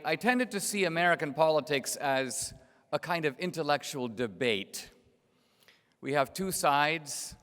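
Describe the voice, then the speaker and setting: A man's voice: medium pitch, fairly bright tone, clear, resonant tone. A middle-aged man giving a political speech to an audience, telling a story in a sardonic way and asking rhetorical questions. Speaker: invited speaker. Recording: long reverb of a large hall.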